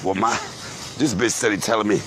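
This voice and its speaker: In a fairly low voice at a slightly fast pace, a man tells an insulting, cursing story about his family while vlogging on his phone. He's walking outdoors to a grocery store, and his animated rant has slight background noise behind it.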